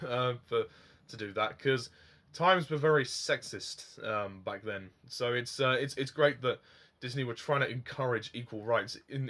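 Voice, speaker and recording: A man's voice: medium pitch, a bit bright. A young man giving a casual film review, rambling with frequent ums and chuckling at his own remarks.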